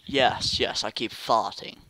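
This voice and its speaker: A young man doing excitable, casual commentary over a game he plays. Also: lowish voice, takes it slowly, heavy background noise. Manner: excitable, yelps and laughs at the game. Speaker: gaming YouTuber.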